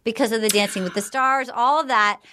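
A woman hosting a podcast in casual chat, animatedly retelling scenes and acting out quick quotes. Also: a little high, pushed and bright. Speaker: podcast host.

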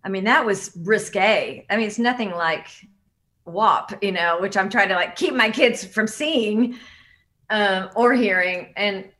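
Bright-voiced middle-aged woman reminiscing. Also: medium pitch, a little slow. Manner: chatty, reminiscing. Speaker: guest, musician. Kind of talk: casual chat.

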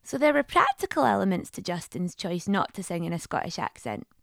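A woman hosting a documentary podcast, narrating from a script and asking interview questions in a clear, measured way. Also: mid-range voice, big pitch swings, dry recording, studio quality.

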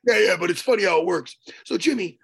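A man telling a story on a podcast in a casual, animated way, swearing and loudly acting out what people said. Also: sits high, quick pace, vocal fry, husky. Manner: animated, swearing, acts out his own quotes loudly. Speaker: podcast co-host.

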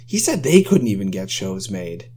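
A man with a lively, swinging pitch, speaking in an earnest, measured way on a podcast. He hedges and pauses as he weighs his words. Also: slight background noise. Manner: earnest, hesitant, measured with fillers. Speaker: podcast co-host. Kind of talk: casual podcast talk.

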